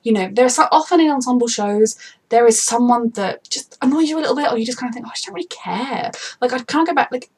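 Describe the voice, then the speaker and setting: Husky-voiced woman gushing about a TV show. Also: fairly high pitch, fast talker, a little mellow. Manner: gushing, rambling, emphatic about favourite characters. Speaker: TV reaction vlogger. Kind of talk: casual unscripted commentary.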